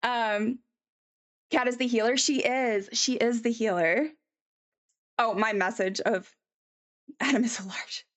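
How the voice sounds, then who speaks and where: Chatty woman streamer, higher voice. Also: steady tone, unhurried, long pauses. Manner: chatty and rambling, many ums, reads out and answers chat. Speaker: live streamer. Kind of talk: casual live-stream chat while drawing.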